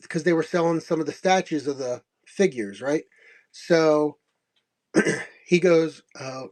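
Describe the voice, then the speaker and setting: Middle-aged guy, stream host, loose chatty storyteller, slightly high voice, chuckles a lot. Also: normal speed, a little mellow. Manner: rambling, chuckling, acts out quoted dialogue. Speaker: host of a comics selling stream. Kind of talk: casual storytelling.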